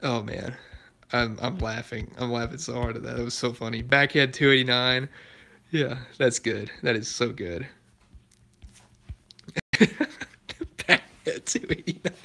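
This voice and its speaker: A young man from Alabama hosts his own car channel and chats casually with viewers. His voice is bright and forward, with an easygoing manner, and he laughs often. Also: medium pitch, steady tone, moderate pace, gravelly. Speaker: YouTube car channel host. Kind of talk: casual chat answering live viewer comments.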